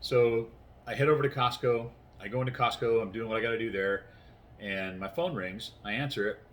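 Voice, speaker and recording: A man's voice: mid-range voice, a little fast. A tired man in his sixties, rambling through a casual vlog story indoors at home and acting out the conversations. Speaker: vlogger. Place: inside his house, doors closed.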